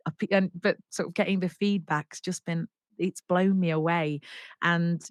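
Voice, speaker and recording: A woman singer-songwriter telling her story as an interview guest, animated and full of restarts, acting out what people said. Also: fairly low pitch, moderate pace, dry recording, clean studio sound. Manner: animated, acts out quoted dialogue, many restarts.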